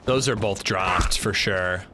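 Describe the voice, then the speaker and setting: A man's voice: low-pitched, slow, noisy background. A man hosting a gaming livestream, chatting casually and telling stories in a joking way. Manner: animated, joking storytelling. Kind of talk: casual chat while playing.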